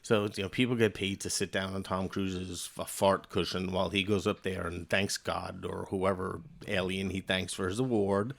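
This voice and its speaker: A man's voice: deep voice, normal speed, vocal fry, few pauses. A man co-hosting a podcast, ranting in a casual comedic way and slipping into mocking voices. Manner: animated, slips into mocking put-on voices. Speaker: podcast co-host.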